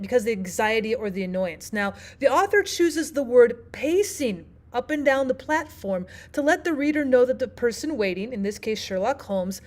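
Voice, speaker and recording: A woman who teaches language arts leads a literature lesson with a slightly high voice. She is steady and clear, explaining each point and continually handing questions back to the listener.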